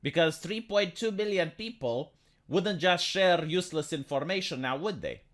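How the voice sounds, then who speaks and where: A woman's voice: fairly low pitch, normal speed. A woman from Romania giving dry, mocking reaction commentary on a viral video. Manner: dry, mocking, deadpan asides. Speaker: commentary YouTuber.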